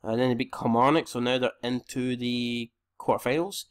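A man's voice: mid-range voice, fairly even intonation, normal speed, clear, resonant tone. A young Scottish man giving casual, sweary commentary on a football management game, often tripping over names. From Scotland. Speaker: gaming YouTuber.

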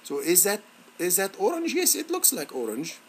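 A male instructor walking students through a software lab on screen, halting and encouraging, with many fillers and restarts. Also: high-pitched, huge pitch swings, slight background noise. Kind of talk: screen-recorded software tutorial.

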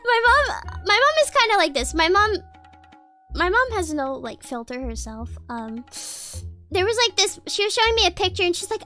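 Giggly woman streamer rambling away, super animated voice, some music faint behind her. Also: extremely high pitch, normal speed. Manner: giggly, rambling, many restarts. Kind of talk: casual chat.

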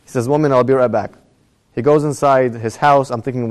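A man's voice: mid-range voice, fairly even intonation, brisk. A young adult man telling a personal story in a Torah class, his voice rising as the story gets tense. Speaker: rabbi giving a Torah class. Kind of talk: storytelling lecture.

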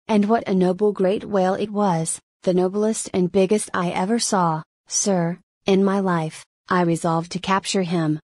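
A woman's voice: on the low side, a little mellow, dry recording. A woman voicing a one-armed English whaling captain who spins a long, rambling yarn with good humor.

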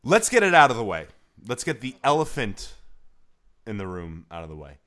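Lively profane young man chatting. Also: medium pitch, normal speed. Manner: loose, profane, laughs often. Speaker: podcast co-host. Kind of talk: casual chat.

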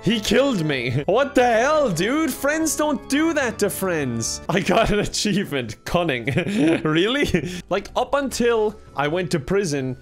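A young man giving jokey let's-play commentary on a game, laughing often and reacting with exclamations. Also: a little high. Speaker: gaming YouTuber.

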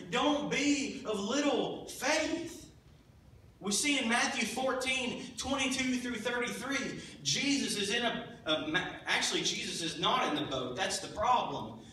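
A preacher with a high, bright male voice gives a sermon a little slowly, animating his stories by acting out the characters' voices. The mic sits far off in a church sanctuary, so the sound is very echoey and distant, like it was caught from the back of the hall, with faint noise underneath.

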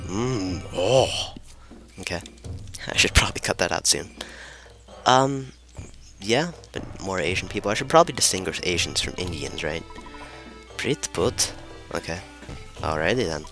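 A man giving casual let's play commentary from a room at home, joking, swearing freely and talking somewhat hushed. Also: deep voice, lively intonation, measured pace, pauses often, faint music behind. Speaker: gamer.

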